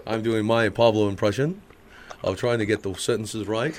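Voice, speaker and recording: A man, a stand-up comedian guest, joking in rapid-fire bursts and laughing often in a radio studio chat. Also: fairly low pitch, background noise.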